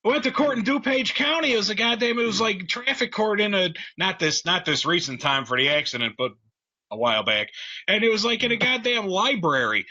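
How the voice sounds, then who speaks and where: A man's voice: high-pitched, animated, brisk, pushed and bright. A man co-hosting a radio roundtable who tells blunt, profane, mocking stories. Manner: blunt, swears constantly, mocking rants. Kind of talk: profane ranting storytelling. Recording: dull lo-fi radio sound.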